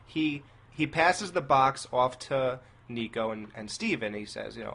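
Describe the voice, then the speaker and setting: A man's voice: mid-range voice, steady tone, unhurried, gravelly, fairly bright tone. A man hosting a podcast in casual chat, rambling and asking hesitant questions. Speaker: podcast host.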